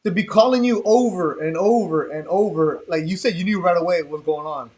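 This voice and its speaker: Male host, high pitch, relaxed conversational chat, drops in Spanish phrases. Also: fairly quick. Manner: relaxed, chatty, mixes in Spanish words. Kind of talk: casual chat.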